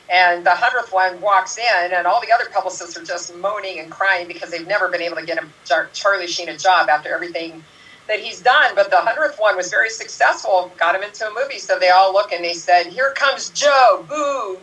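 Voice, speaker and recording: A woman's voice: lowish voice, a little fast, fairly bright tone, far from the mic, rough recording. A woman improv player telling short comic bar jokes. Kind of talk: telling quick setup-punchline jokes.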